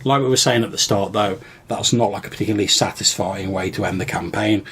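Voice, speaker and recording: A man's voice: fairly low pitch, fast, a bit bright, a little hiss or hum. A man, a podcast co-host and game master, casually retelling a tabletop game session in a rambling way full of fillers and restarts. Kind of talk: casual storytelling chat.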